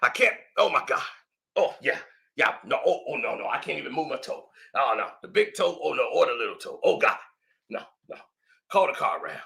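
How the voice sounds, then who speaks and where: A man's voice: medium pitch, very animated, brisk, vocal fry, bright, forceful tone, roomy sound, voice pushed down, exaggerated voice. A man mocking a moaning injured pundit. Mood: groaning. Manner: groaning, theatrical. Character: melodramatic male pundit moaning over a hurt ankle. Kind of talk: comic impression.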